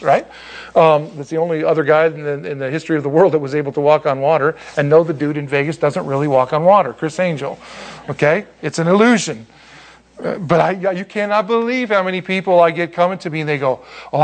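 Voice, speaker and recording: Man, Bible study teacher, slightly high voice, chatty, animated, restarts and asides.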